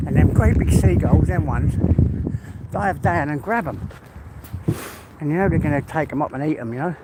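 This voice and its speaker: A middle-aged man with an English accent rambles casually while out on a walk in the countryside, his voice sitting slightly high. Outdoor sounds and passing traffic are clearly audible around him. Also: normal speed, long pauses. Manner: chatty, rambling, talks to his dog. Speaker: vlogger walking his dog. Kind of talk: casual vlog chat. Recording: clear outdoor background noise.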